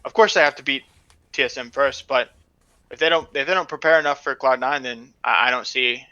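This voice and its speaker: A man with a very bright, smooth voice chats hesitantly about esports on a podcast, leaning on fillers and trailing off. His mic sounds dull and lo-fi, and the room is dry. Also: medium pitch, a little fast, no echo. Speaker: podcast co-host. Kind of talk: casual esports analysis chat.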